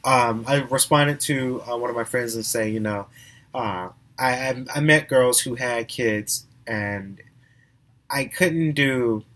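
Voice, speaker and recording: A young man hosting a podcast, telling stories in a casual, animated way with frequent laughs and restarts. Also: mid-range voice, slow pace. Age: young adult. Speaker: podcast host. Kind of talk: casual storytelling monologue.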